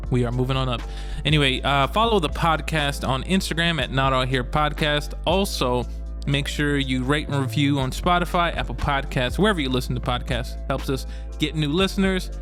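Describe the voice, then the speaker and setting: A man's voice: mid-range voice, normal speed, fairly bright tone, soft background music. A man co-hosting a podcast in casual chat, laid-back, laughing easily and chipping in with short reactions. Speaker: podcast co-host.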